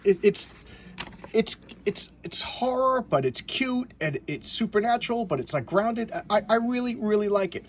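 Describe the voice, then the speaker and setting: A man casually reviewing a comic book, rambling with excited asides and restarts as he pages through it. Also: sits high, normal speed, a little hiss or hum. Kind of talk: casual comic review, reading panels aloud.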